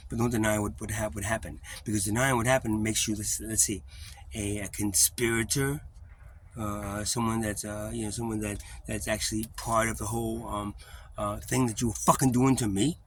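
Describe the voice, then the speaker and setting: A man talking through old family memories in a rambling, profane vlog, often trailing off and halting with fillers. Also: on the low side, flat delivery, a little hiss or hum. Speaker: vlogger. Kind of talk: confessional vlog monologue.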